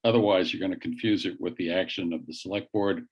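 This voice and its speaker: A man's voice: sits low, steady tone, fast talker, slightly rough, highs cut off. A man on a town committee, thinking aloud with fillers as he drafts the wording of a statement in a casual meeting. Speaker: committee member.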